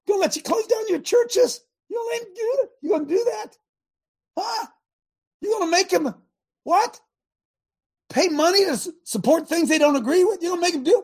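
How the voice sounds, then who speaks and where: Preacher shouting as an outraged young hero. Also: sits high, voice pushed up. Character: indignant young shepherd hero, male. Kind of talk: sermon storytelling.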